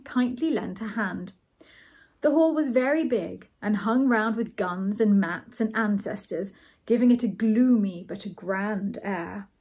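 A woman reading a novel aloud as storybook narration, measured and lightly amused. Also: mid-range voice, darkish tone, slightly rough. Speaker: reader of a novel.

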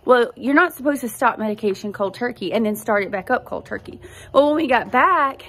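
A woman's voice: fairly high pitch, a bit bright, a little hiss or hum. A woman and mother, a podcast host, telling her own story in an earnest, conversational way as a faith testimony.

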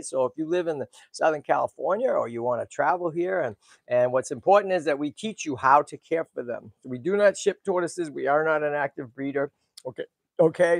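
A middle-aged man from the Boston area, hosting a tortoise sanctuary vlog in an excitable, chatty way and talking to animals and viewers as he walks. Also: a little high, gravelly, dry recording. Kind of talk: casual walk-and-talk vlog.

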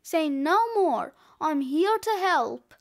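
A woman's voice: high-pitched, expressive, takes it slowly, full character voice. A woman doing an eager shop clerk. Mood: helpful.

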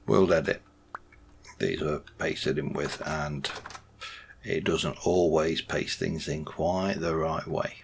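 A man's voice: a bass voice, steady tone, takes it slowly, creaky, a little hiss or hum. A man rambling casually as he plays a game, thinking aloud and correcting himself. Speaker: Minecraft let's play host. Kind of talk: casual gameplay commentary.

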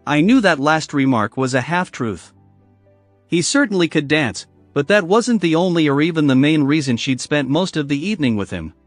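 Lively male story narrator. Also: fairly high pitch, moderate pace, no echo. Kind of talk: first-person revenge story narration. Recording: dry voice with faint music behind.

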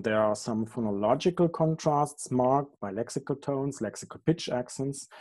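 A man giving an academic lecture over slides on an online call, halting often with ums and correcting himself mid-phrase. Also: medium pitch, darkish tone. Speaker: guest lecturer.

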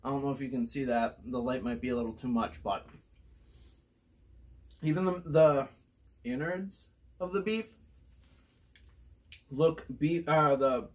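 A man hosting a casual food review vlog, excitable and talking while he chews. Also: mid-range voice. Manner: excitable, talks while chewing.

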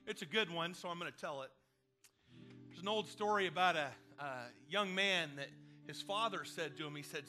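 Earnest, bright-voiced male pastor preaching. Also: fairly high pitch, normal speed, faint music behind. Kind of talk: sermon and closing prayer.

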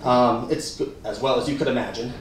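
On a theater stage before a live audience, a young man performs a stand-up comedy set, animatedly telling a story and acting out its characters. His medium-pitched voice runs a little fast, recorded from a distance in an echoey room with a little hiss or hum.

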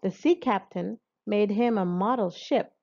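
A woman narrating a children's storybook aloud in a slow, expressive read-aloud manner. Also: medium pitch, muffled recording. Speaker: audiobook narrator.

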